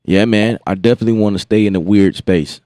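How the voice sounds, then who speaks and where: A very deep-voiced American man talking loosely to his stream, animated and exasperated, restarting and repeating words as he goes. His voice sounds close and dry, with no room around it. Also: quick pace, dry recording. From United States. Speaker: beat-making livestream host. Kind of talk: casual livestream chat.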